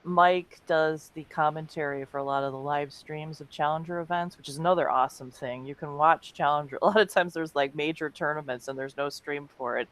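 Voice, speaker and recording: A woman's voice: low-pitched, a little fast, hardly any pauses. A woman co-hosting a comedic webcast, telling chatty anecdotes and laughing often. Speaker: co-host. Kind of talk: casual comedic chat.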